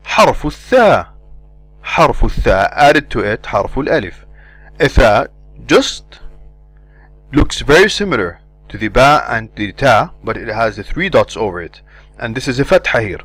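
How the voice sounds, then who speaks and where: A man teaching pronunciation, stopping often to repeat single syllables slowly as he demonstrates each sound. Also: medium pitch, very animated, fairly bright tone, no room sound, rough recording. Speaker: Arabic teacher. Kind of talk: pronunciation lesson.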